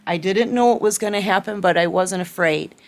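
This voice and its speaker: A woman's voice: mid-range voice, fairly quick. A woman tarot reader giving an earnest spiritual pep talk to her viewers, repeating herself and checking in with "okay?".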